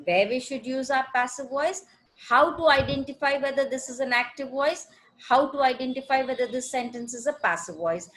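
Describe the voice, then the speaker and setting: Lively woman teaching grammar. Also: a little high, poor audio. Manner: repeats questions and answers them herself, with many "right?" checks. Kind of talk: recorded grammar lesson.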